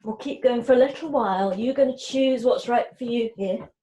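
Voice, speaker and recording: A woman yoga teacher calmly guiding a class through breathing and movement, cueing each breath. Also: on the high side, roomy sound, low-quality recording. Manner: slow, soft-spoken cueing of breath and movement. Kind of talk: guided yoga class instruction.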